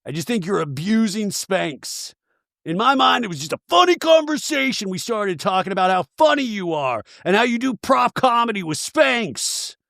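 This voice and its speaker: A man doing a high, shrill impression of an angry, foul-mouthed woman reality star who shouts in drawn-out words. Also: big pitch swings, gravelly, dry recording, studio quality, full character voice. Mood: furious.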